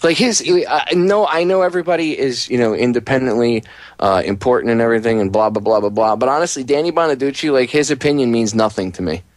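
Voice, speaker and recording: A man's voice: medium pitch, quick pace, dry recording. A man hosting a talk radio show, speaking casually and animatedly, often mocking people in put-on voices.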